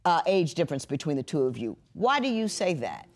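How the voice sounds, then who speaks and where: A woman's voice: sits low, sing-song, fairly quick. A woman judge presiding over a TV courtroom, asking probing questions with dry humor. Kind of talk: courtroom TV hearing.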